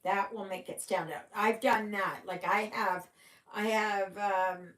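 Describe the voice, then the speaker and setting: A middle-aged woman talks unhurriedly to her livestream viewers while she stitches, her sentences often trailing off between yawns. Her voice sits at a medium pitch and carries the echo of an echoey room. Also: fairly even intonation, unhurried, fairly bright tone. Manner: yawning, chatty, trailing off. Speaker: cross-stitch livestream host. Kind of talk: casual chat with live viewers.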